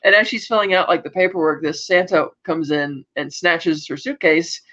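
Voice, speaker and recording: On a dull, lo-fi recording, a man co-hosting a podcast chats casually through an episode recap. His voice is a little high and sharp, with fairly even intonation and a normal pace. He rambles, often restarting and leaning on "like."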